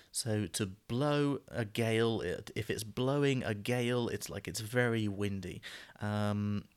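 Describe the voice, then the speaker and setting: A British man hosting a podcast lesson, explaining everyday phrases in a relaxed way with many fillers and frequent "right?" checks. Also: on the low side. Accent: British English. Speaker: podcast host and English teacher.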